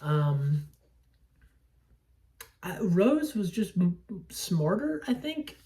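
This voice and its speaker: A young woman rambles on about movies from home, swearing and breaking off into side thoughts. Her voice sits a little low for a woman. She is set slightly back from the microphone. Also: very animated, drawn-out words, warm tone, far from the mic. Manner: rambling, profane, self-interrupting. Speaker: podcast host reviewing movies. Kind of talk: casual solo movie talk.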